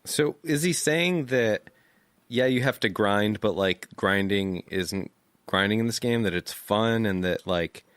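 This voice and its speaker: Low-voiced, easygoing podcast co-host. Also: male voice, unhurried, fairly bright tone, dry recording. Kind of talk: casual chat.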